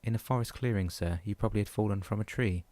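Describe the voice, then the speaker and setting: A man voicing a patient female nurse in a soft, calming tone. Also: on the low side, fast, dry recording, lightly acted. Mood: soothing.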